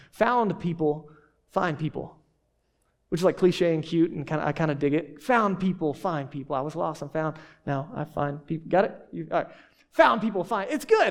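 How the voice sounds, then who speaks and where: A male pastor with a high, light voice delivers a sermon in a church hall. He preaches in a lively, conversational way, leaning on emphatic repetition.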